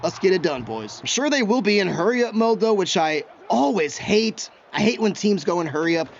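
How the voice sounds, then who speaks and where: High-voiced chatty man commenting on gameplay. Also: normal speed, muffled recording, faint music behind. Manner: chatty, excitable, talks to himself while he plays. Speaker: gaming YouTuber.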